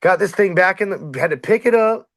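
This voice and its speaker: A middle-aged boat captain with a high, bright-pitched voice spins fishing tales in easy, casual talk. He jumps into shouted quotes and plays every part of the story himself. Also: fairly quick. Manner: animated, acts out shouts and quotes.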